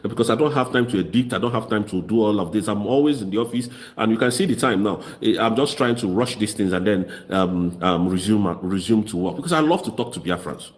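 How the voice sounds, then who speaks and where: A man's voice: on the low side, lively intonation, brisk, hardly any pauses. A man with a Nigerian Igbo accent giving fiery, mocking political commentary. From southeast Nigeria. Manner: mocking, impassioned, switches into Igbo.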